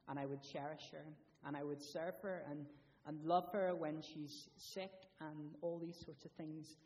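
A man giving a children's talk in church, asking the children lots of questions in a lively, friendly way. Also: fairly high pitch, far from the mic.

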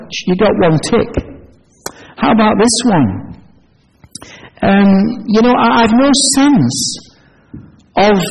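A man preaching a sermon, animated and storytelling, acting out the voices of people in his examples. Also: high-pitched, low-quality recording.

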